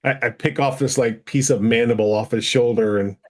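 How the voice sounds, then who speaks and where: A man's voice: mid-range voice, fairly even intonation, fairly quick, a little mellow. A man playing a tabletop game, describing his character's actions in a friendly way. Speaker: player. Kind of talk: casual chat.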